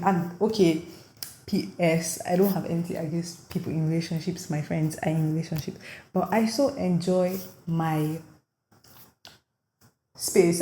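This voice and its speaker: A woman's voice: fairly low pitch, warm tone, slight background noise. A nineteen-year-old woman hosting a solo podcast, chatting casually and rambling with lots of "like," sounding tired. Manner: rambling and chatty, heavy use of "like". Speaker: podcast host.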